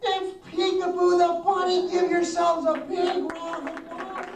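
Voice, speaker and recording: A middle-aged woman leads a children's puppet show at a school assembly, her high voice full of exaggerated surprise and call-and-response. She sounds distant in a roomy hall, with a crowd of children around her. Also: little pitch movement, measured pace, a little mellow.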